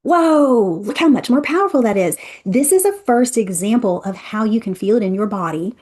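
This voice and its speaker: A woman leading an interactive energy workshop, talking in a chatty, expressive way and speaking straight to her listeners. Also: on the high side, normal speed.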